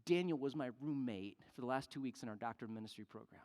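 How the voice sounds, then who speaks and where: A pastor preaching a sermon as an animated storyteller who acts out the people in the story. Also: mid-range voice, fast, hardly any pauses. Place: church sanctuary. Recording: long church reverb.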